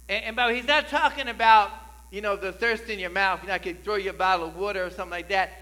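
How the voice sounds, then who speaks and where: A man's voice: high voice, steady tone, fast talker, bright, forceful tone, poor audio. A male pastor with a New Jersey accent preaching a sermon in a church, conversational and often building to emphatic passages. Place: church sanctuary.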